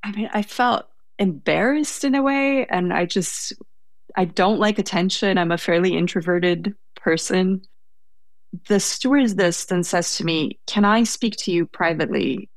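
A woman's voice: lowish voice, a little slow, gravelly, no room sound. A young woman telling a story in conversation, hesitant and self-correcting, laughing now and then.

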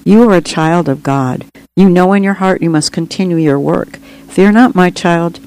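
A gentle white dove speaks in a quiet, matter-of-fact way, wise and fatherly, voiced by the narrator. It is a storybook reading, calm from start to end. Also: mid-range voice, moderate pace, a little hiss or hum, close to an everyday voice, low-quality recording. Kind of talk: audiobook reading.

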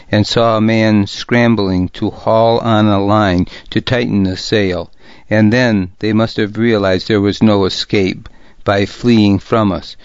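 A man reads a historical novel aloud in a slow, deliberate first-person narration. His voice sits a little low and sounds dry and close. The recording is slightly dull and muffled. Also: no room sound. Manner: measured, deliberate, gravely serious reading. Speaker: audiobook narrator.

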